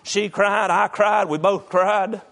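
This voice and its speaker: A man in his fifties preaching a fervent sermon, calling out congregation members by name and swinging from soft reflection to shouting. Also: sits high, steady tone, slow, creaky.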